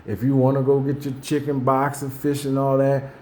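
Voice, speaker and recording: A man's voice: medium pitch, monotone, moderate pace, a little mellow. A man talking casually about faith and everyday life, rambling and repeating himself, acting out what people say. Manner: rambling, repeats himself, restarts, acts out quotes. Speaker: host.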